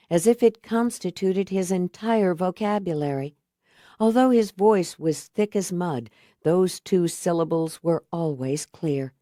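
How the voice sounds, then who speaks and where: Female audiobook narrator, horror; low, dry, measured. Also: mellow, no room sound.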